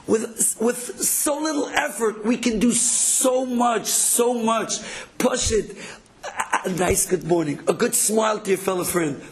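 A man giving an inspirational Torah talk. He tells stories in an animated way, acts out the people he quotes, and often repeats words as he goes. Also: high voice. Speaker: inspirational speaker.

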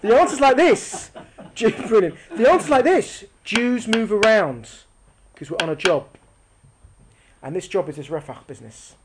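A woman's voice: mid-range voice, lively intonation, normal speed, background noise. A woman giving a live religious class, explaining with a diagram, asking the audience questions and repeating lines for emphasis. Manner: explains using a picture or diagram. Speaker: religious teacher.

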